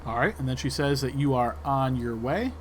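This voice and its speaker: A man running a tabletop game as game master, narrating in a relaxed way with fillers. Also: mid-range voice, normal speed, slight background noise. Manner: relaxed, describing actions with fillers.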